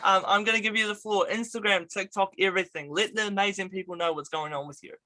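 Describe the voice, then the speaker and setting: Bright-voiced upbeat male interview host. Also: high-pitched, steady tone, quick pace. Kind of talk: casual video interview chat.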